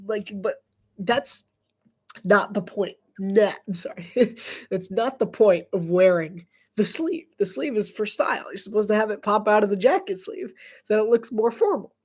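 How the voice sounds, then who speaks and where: Woman, live play-by-play, stuffy and congested, rambling chatter, mid-pitched. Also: moderate pace, darkish tone, husky. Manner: chatty, rambling, laughs often. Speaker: sports commentator. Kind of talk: casual live game commentary.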